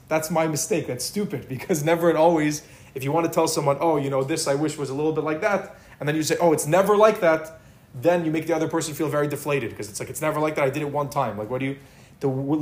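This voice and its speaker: A man leads an informal Talmud lesson in a conversational way. His voice sits a little high, and he stacks repeated words when he stresses a point. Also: a little fast. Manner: casual, repeats words for emphasis. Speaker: Talmud class teacher.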